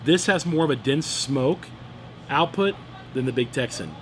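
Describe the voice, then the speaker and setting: A man's voice: mid-range voice, lively intonation, a little slow, a little hiss or hum. A middle-aged man hosting a cigar review, chatting in an enthusiastic, joking way. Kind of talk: casual chat. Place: room in Phoenix, Arizona.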